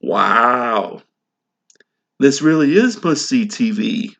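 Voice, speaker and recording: A woman voicing a smug grown man in a comedic sitcom reenactment, speaking dryly and deadpan. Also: a bass voice, extremely slow, creaky, pitched below the performer's own voice, heavily acted. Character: low-voiced adult man, smug sitcom father type.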